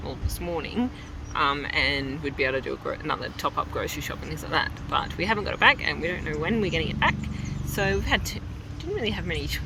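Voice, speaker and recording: A woman's voice: fairly low pitch, vocal fry. A woman chatting casually on a travel vlog, rambling with fillers as she films outdoors. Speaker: travel vlogger. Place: outdoors at a caravan park and tavern. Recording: noisy outdoor camera audio.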